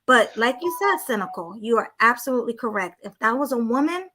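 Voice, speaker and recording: A woman's voice: a little high, animated, fairly quick, bright, forceful tone. A woman co-hosting a podcast, giving sassy, judgmental commentary in a casual chat. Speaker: podcast co-host.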